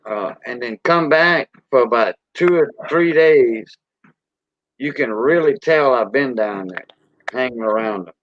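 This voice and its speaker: A man's voice: mid-range voice, expressive, measured pace, no echo. Older Cajun man, folksy drawl. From South Louisiana. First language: Cajun French. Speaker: host. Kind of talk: casual livestream chat. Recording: dull dry lo-fi sound.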